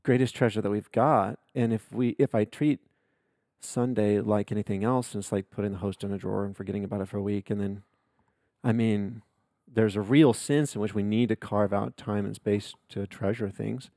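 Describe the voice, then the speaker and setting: A man, an associate pastor in a casual podcast conversation, speaking in a slow, reflective way as he searches for words. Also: lowish voice, steady tone, warm tone, no echo, clean studio sound.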